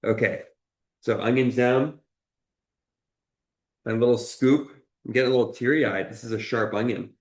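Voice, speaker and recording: A man's voice: mid-range voice, normal speed, pauses often, reverberant. A man chef teaching a cooking lesson, talking through each cut in an encouraging way and often checking in with "okay?". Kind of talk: cooking demonstration. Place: kitchen.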